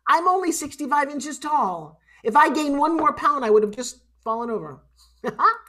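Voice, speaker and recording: This is a middle-aged woman delivering a motivational keynote from the stage, her voice pitched a little above the usual for a woman. She talks in an animated, emotional way, pushing some lines out loud and dropping others to a hush, and at times she is close to tears. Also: moderate pace. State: tearful at times. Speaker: motivational speaker. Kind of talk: live motivational keynote speech.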